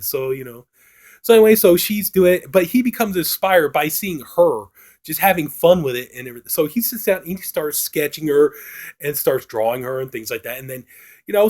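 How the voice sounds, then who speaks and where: A man's voice: on the high side, darkish tone. A man reviewing a film, retelling its plot in a casual, rambling way full of filler phrases.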